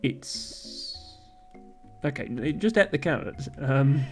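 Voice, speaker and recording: A man's voice: mid-range voice, lively intonation, takes it slowly, soft background music. A man streaming a video game live, thinking aloud with frequent ums and little chuckles.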